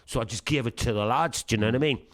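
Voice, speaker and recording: A man's voice: medium pitch, very fast, fairly bright tone, no echo, clean studio sound. A middle-aged man with a Sunderland accent, a punk singer chatting in an interview and telling anecdotes with swearing and acted-out dialogue. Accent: Sunderland English. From Sunderland, England. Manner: chatty and swearing, acts out dialogue in his tales. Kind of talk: casual anecdotal storytelling.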